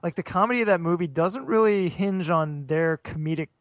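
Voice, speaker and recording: A man's voice: on the high side, fairly quick. A man co-hosting a podcast in casual chat, mostly giving short reactions and the odd thoughtful remark. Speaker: podcast co-host.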